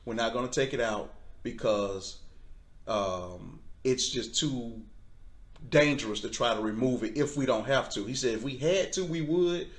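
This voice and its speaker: A man recounts a personal story in conversation. He animates it by mimicking the people he quotes, with frequent laughter and an easy, expressive delivery. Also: mid-range voice, measured pace. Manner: animated, acts out quoted voices, laughs often. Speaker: guest. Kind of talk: storytelling testimony.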